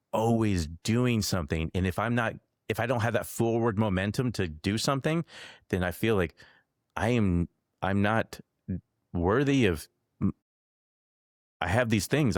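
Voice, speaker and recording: A man hosting a podcast, speaking in a calm, encouraging and reflective way. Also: lowish voice, no echo, studio quality. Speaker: podcast host. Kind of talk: conversational podcast talk.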